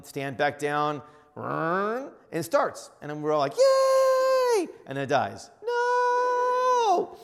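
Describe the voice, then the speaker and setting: A middle-aged man preaching as a bishop, telling a funny story with laughter and acted-out voices. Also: on the high side. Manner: animated, laughing, acts out voices. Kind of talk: storytelling sermon. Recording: reverberant hall.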